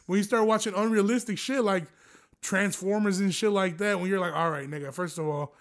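A young man with a notably high-pitched voice talks alone into the mic as a podcast host. He rambles loosely from one story to the next, swearing freely and breaking into laughter. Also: fairly quick. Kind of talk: casual solo monologue.

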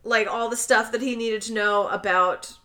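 A young woman co-hosting a casual podcast, animatedly recapping a film plot and acting out the characters' lines in high, loud voices. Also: steady tone, moderate pace. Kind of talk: casual chat.

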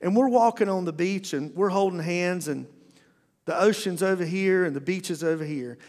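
A man's voice: high-pitched, moderate pace, a little mellow. A middle-aged male pastor preaching a folksy, humorous sermon in a church, often restarting his sentences. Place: church auditorium. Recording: long reverb of a church hall.

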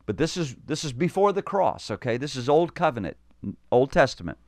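A man's voice: mid-range voice, sing-song, fairly quick, no echo, studio quality. A man preaching a podcast sermon, fervent, often repeating words and building to emphatic calls.

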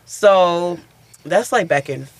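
A man's voice: high-pitched, slow, no room sound. A man, a stand-up comedian, telling a story in a casual interview and acting out what people said. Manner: animated, chatty, acts out quotes.

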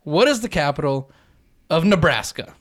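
A man's voice: a little high, lively intonation, normal speed, no echo. A man hosting a casual podcast trivia segment, teasing the contestants. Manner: jokey, teasing quizmaster. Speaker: podcast host, quizmaster.

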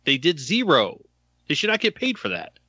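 A man's voice: fairly high pitch, wildly swooping pitch, normal speed, sharp tone, husky, no echo, lo-fi sound. A man co-hosting a podcast, chatting casually and telling stories with enthusiasm. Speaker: podcast co-host. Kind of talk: casual chat.

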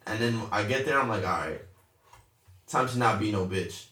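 A young man telling a story in casual chat, cursing often, full of slang and lively retellings. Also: fairly low pitch, normal speed. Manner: profane, animated storytelling with slang. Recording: roomy echo, a bit far from the mic.

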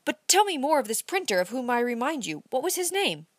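A woman's voice: high-pitched, sing-song, brisk, no room sound, clean studio sound, voice pushed up. A woman reading aloud, voicing a flustered, earnest young man who stammers. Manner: hesitant, stammering.

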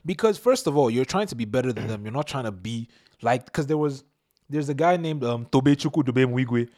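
Young man, podcast host, casual chat, emphatic, mid-pitched voice. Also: brisk. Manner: emphatic, giving advice in animated bursts.

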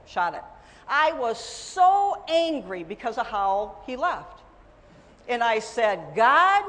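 A middle-aged woman preaching a sermon, telling her own story with emphatic swings between loud and soft. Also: a little high, big-room sound.

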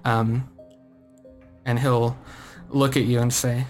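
A man in a relaxed, loose, filler-heavy way, narrating as game master of a tabletop game. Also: medium pitch, slow, pauses often, faint music behind.

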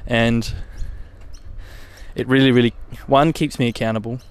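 A man's voice: medium pitch, fairly even intonation, unhurried, clear, resonant tone. A young man hosting his own podcast, chatting casually in a rambling way and swearing now and then. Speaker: podcast host. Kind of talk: casual solo podcast chat.

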